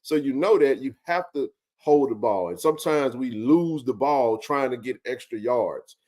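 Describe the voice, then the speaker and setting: A man's voice: mid-range voice, expressive, moderate pace, a little mellow. A man hosting a casual sports talk show, ranting passionately and swearing freely about his team's fans.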